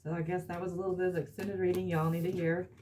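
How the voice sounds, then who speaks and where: A woman's voice: fairly low pitch, little pitch movement, fast talker, darkish tone, a little hiss or hum. A woman reading tarot cards for her audience, emphatic and blunt, repeating herself and swearing now and then. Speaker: tarot reader.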